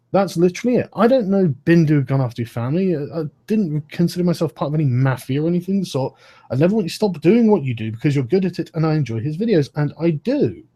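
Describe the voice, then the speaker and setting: A man's voice: on the high side, dark tone, slightly rough. A man in his thirties, ranting heatedly in a live-stream debate over a video call, swearing often and breaking off his own sentences. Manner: swears a lot, rants, interrupts himself.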